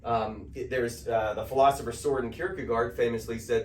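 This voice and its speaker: A man's voice: mid-range voice, fairly even intonation, moderate pace, a little hiss or hum. Man lecturing in an echoey room. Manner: conversational, frequent "okay?" check-ins. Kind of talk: spiritual lecture to an audience. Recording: echoey room, mic at a distance.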